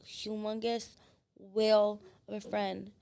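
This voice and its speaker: A woman guest on a podcast, telling her story in a blunt, profane and animated way. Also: mid-range voice, slow pace, creaky, clean tone. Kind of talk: casual storytelling chat.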